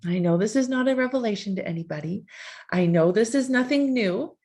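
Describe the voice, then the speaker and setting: A woman's voice: mid-range voice, lively intonation, a little fast, darkish tone. A woman life coach leading a live online session, asking repeated coaxing questions in a conversational way.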